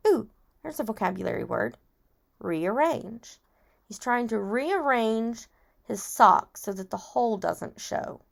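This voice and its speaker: A woman's voice: on the high side, very animated, takes it slowly, creaky. A woman teacher reading a chapter book aloud to children, stopping to ask and explain vocabulary words.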